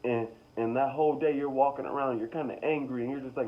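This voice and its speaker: A young man talking casually to his viewers about spiritual awakening, rambling and repeating himself, with slow emphatic stretches. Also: mid-range voice, fairly even intonation, phone-quality sound. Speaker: spiritual vlogger. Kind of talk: casual motivational monologue.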